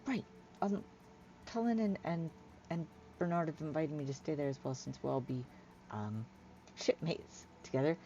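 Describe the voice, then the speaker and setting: A woman's voice: sits low, moderate pace, mellow, muffled recording, slight background noise, pitched above the performer's own voice. A woman playing a stammering shy tailed girl. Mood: nervous. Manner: nervous, stammering, trailing off. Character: awkward shy young woman with a tail.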